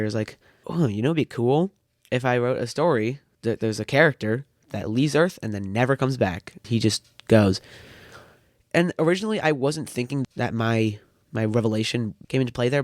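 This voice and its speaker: A thirteen-year-old boy talks as a podcast guest, rambling through his thoughts with a dry, teasing wit. His voice sits at a middling pitch for a male speaker. The recording is close and dry, with no room sound. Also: no room sound. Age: teens. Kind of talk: casual chat.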